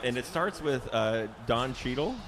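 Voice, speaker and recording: A man's voice: mid-range voice, animated, very noisy. A man casually recapping a bad movie for laughs, sarcastic, slipping into the characters' lines. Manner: sarcastic, acts out characters' lines in quick voices. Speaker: podcast host.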